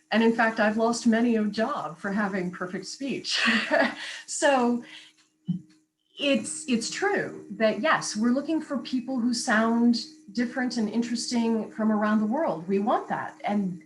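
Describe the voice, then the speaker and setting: A woman who works as a vocal coach, answering interview questions in a clear, articulate, explanatory way and laughing easily. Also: a little high, measured pace, slight background noise, rough recording.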